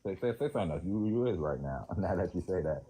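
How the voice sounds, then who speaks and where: A man's voice: low voice, animated, fast talker, dark tone, slight background noise. A man, bantering in a casual, provocative and flirty way on a livestream. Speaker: guest caller in a livestream debate.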